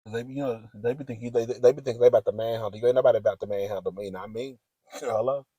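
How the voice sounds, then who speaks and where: A man's voice: medium pitch, steady tone, very fast, dark tone, slightly rough, no room sound, lo-fi sound. A man vlogging in a sassy, giggly gossip chat, calling the audience "girl" often. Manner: chatty, sassy, giggly, says "girl" a lot.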